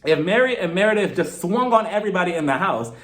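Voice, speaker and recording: A man giving a blunt, animated recap and review of a reality TV episode, swearing freely. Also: high-pitched, quick pace. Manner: animated, blunt, swears freely, mimics the cast in put-on voices. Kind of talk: casual commentary.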